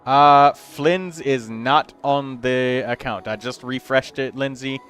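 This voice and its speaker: Guy streaming games at his desk, chatty, thinks out loud, counts stuff, mid voice, a little music behind. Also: mid-range voice, slow pace. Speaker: livestream host reviewing game characters. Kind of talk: casual livestream commentary.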